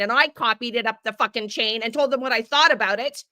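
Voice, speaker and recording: A woman's voice: a little high, a little fast, few pauses, pushed and bright. An older woman hosting a true crime channel, angry and swearing heavily, sick with the flu and tired. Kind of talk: angry live video rant.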